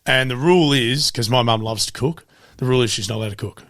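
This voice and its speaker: A man's voice: medium pitch, quick pace, a bit bright, dry recording, studio quality. Swearing Australian man telling family stories. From country Victoria, Australia. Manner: swears freely, acts out family dialogue. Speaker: interview guest, amateur boxer. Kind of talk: casual storytelling.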